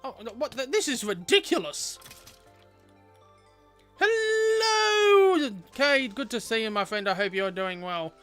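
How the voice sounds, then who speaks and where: A man's voice: high-pitched, a little fast, hardly any pauses, bright, forceful tone, clear, resonant tone, soft background music. A young man chatting playfully with viewers while streaming a game. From Australia. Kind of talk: casual gameplay livestream chat.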